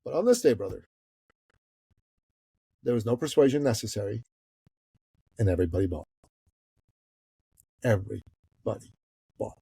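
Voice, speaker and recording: In a podcast interview, a middle-aged Iranian man who is a guest entrepreneur animatedly acts out the characters of his story. His mid-range voice is husky and fairly quick, broken by frequent pauses, with no echo on the audio.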